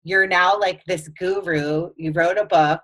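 A woman hosts a relaxed interview with a notably low voice. She is enthusiastic and affirming toward her guest, often telling him how much she loves what he shares. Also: a little slow. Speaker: interview host. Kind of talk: casual interview conversation.

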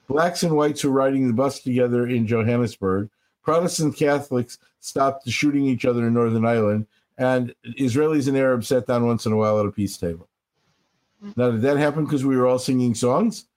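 An older man, a rabbi, talking earnestly in an interview and slowing down to stress his points as he tells stories. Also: mid-range voice, a little mellow. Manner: earnest, storytelling, slows for emphasis. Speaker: rabbi, guest speaker. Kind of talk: reflective interview talk.

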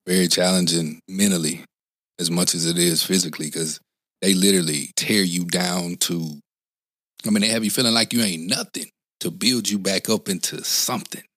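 Speaking at normal speed, this man has a deep, fairly bright voice with fairly even intonation, recorded without room sound. He's in his forties and an ex-Marine, and in a casual interview he rambles earnestly, keeps starting over and tosses in "you know what I'm saying."

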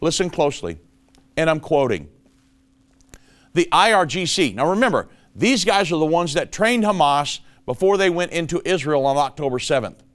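Emphatic male show host, smooth voice. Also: a little high, expressive, normal speed, a bit bright. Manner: emphatic, addresses listeners as folks. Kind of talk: commentary show on prophecy.

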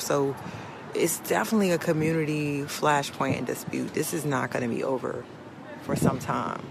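A woman field reporter giving an animated, conversational report from a city street. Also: low-pitched, moderate pace, creaky, background noise.

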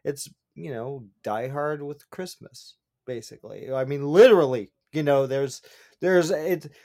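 A man co-hosting a casual podcast, talking with excitement and repeating himself for emphasis. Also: a little high, measured pace. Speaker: podcast co-host. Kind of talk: casual chat.

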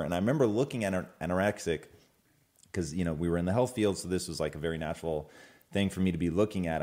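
Man, very low voice, casual chat, measured. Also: darkish tone. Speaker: co-host in couple's chat.

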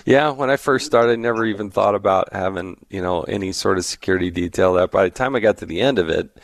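A man hosting a podcast, telling stories in a casual, chatty way and teasing his guest with quick questions. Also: sits low, gravelly, no echo, clean studio sound. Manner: chatty, teasing, with frequent restarts. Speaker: podcast host. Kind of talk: casual conversational storytelling.

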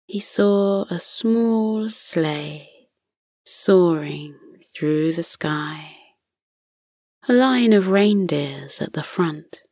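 Very slow, soft-spoken woman storyteller. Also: lowish voice, no room sound, clean studio sound. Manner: soft and hushed, often whispering. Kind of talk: bedtime story narration.

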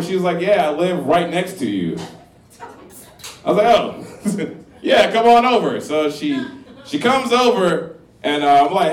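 Heard from afar in a roomy live venue, a thirtysomething man with a fairly high voice and lively intonation speaks at a moderate pace. His crude comic story for the crowd is loose and profane, broken up by frequent laughter.

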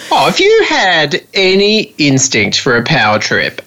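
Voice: mid-range voice, wildly swooping pitch, unhurried, sharp tone. An Australian podcast co-host chatting casually, with playful, laughing asides. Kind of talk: casual chat.

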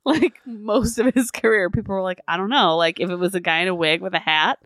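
A woman co-hosting a podcast in animated, jokey casual chat, laughing often. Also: medium pitch, brisk, no room sound. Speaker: podcast co-host.

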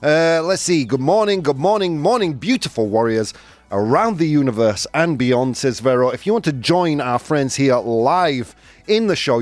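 A male radio host doing live banter, energetic and chatty, laughing often and a bit out of breath. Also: on the high side, no echo. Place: radio studio.

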